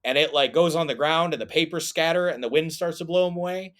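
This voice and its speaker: A man's voice: on the high side, quick pace, fairly bright tone. A man and former soldier telling a story on a podcast in a casual, rambling way, with lots of fillers and restarts.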